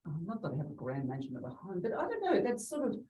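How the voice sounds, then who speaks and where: This middle-aged woman, a real estate agent guesting on an interview, speaks quickly in a mellow, medium-pitched voice that swoops wildly up and down. Chatty and quick to laugh, she acts out the voices of people in her stories. The recording is muffled and far from the mic, with slight background noise.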